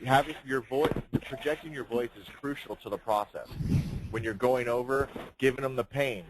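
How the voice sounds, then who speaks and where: A man's voice: medium pitch, normal speed. A man leading a sales training session, speaking emphatically, projecting his voice and firing rhetorical questions. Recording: noisy room recording.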